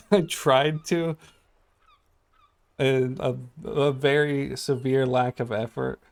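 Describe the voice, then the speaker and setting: A man's voice: mid-range voice, darkish tone. A young man giving chatty, giggly commentary while streaming a game and reading choices aloud. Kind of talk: casual gaming commentary.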